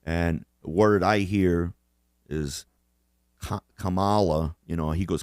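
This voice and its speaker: A man's voice: low voice, moderate pace, a little mellow, dry recording, clean studio sound. A man co-hosting a casual podcast chat, swearing constantly and rambling, often laughing as he mimics people. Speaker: podcast co-host.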